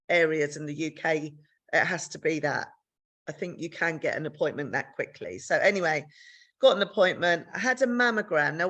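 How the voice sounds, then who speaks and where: A middle-aged woman from the UK on a podcast, telling a personal story frankly, swearing freely and acting out dialogue. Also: fairly bright tone. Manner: frank, swears freely, re-enacts dialogue with big pitch jumps. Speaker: podcast co-host sharing her story. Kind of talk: candid conversational storytelling.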